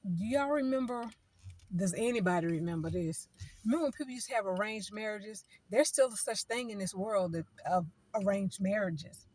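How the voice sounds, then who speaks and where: A woman's voice: medium pitch, lively intonation, normal speed, darkish tone. A woman giving spiritual advice in an informal, preaching way, talking in a chatty style that repeats phrases and acts out what other people say.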